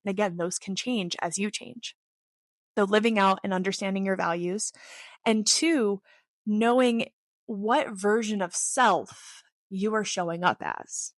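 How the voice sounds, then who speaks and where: A woman in her thirties chats openly and earnestly to her camera, now and then wandering off on a tangent and poking fun at herself. Her voice sits at an ordinary middle pitch, and the recording is close and dry, with no room sound around it. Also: no echo. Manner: earnest and openly personal, wanders into tangents with light self-deprecating humor. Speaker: athlete sharing reflections on her channel. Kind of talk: casual reflective talk to camera.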